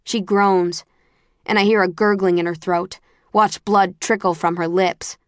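A woman reading a first-person audiobook in a low-key, measured way, sometimes dropping to near whispers. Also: steady tone, no room sound, clean studio sound. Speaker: audiobook narrator.

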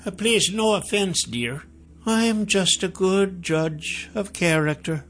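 A man voicing a tall, mysterious woman in black robes who is over a hundred years old, warm and soothing. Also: sits high, takes it slowly, pitched above the performer's own voice. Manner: gentle, coaxing.

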